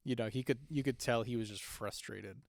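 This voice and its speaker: Co-hosting a podcast, a young man talks a little fast in a mid-range, gravelly, darkish voice. The casual conversation rambles, full of fillers and restarts, and it's recorded at studio quality with no room sound.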